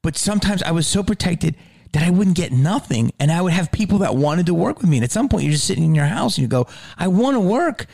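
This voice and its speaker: A man hosting a podcast in casual chat, an animated storyteller who swears freely and sometimes drops to a low mutter. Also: fast, vocal fry, dry recording, clean studio sound. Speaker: podcast host.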